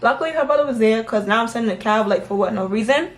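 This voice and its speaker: A woman with a somewhat high voice tells a story in relaxed, casual chat. She is animated, often laughs, and acts out what other people said to her. The sound is echoey, as though recorded in a bare room. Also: rapid-fire, a little hiss or hum.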